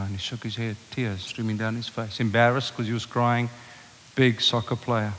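A man preaching a passionate sermon, moving from forceful declarations to a hushed, intimate telling of a story. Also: medium pitch, little pitch movement, a little fast, slight background noise. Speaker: pastor. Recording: long reverb of a large hall.

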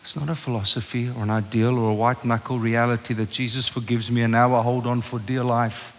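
A man's voice: medium pitch, level tone, a little fast, slight background noise. Passionate preacher man in a reverberant hall. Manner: passionate, swings from loud preaching to hushed storytelling. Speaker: pastor. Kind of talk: sermon. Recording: long reverb of a large hall.

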